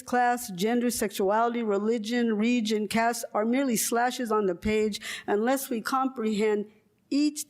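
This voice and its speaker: An older woman from California reads a prepared lecture in a measured, rhetorical way and breaks off for wry, joking asides. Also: on the high side, a little mellow. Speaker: guest lecturer.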